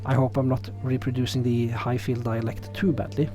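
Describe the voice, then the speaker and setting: A man with a pronounced non-native English accent, narrating and commenting on a game in a relaxed, self-deprecating way. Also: medium pitch, normal speed, music in the background. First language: not English. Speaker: let's play host.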